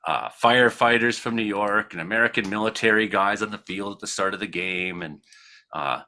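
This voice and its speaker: A man from Canada, hosting a casual talk show, telling a rambling, profane story with frequent laughs and acted-out shouted quotes. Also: lowish voice, brisk. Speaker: podcast host.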